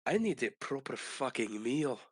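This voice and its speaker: A young man playing a tabletop role-playing game, excitable and swearing freely. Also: medium pitch, moderate pace, slightly rough, no room sound. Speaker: player. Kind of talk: casual tabletop role-play.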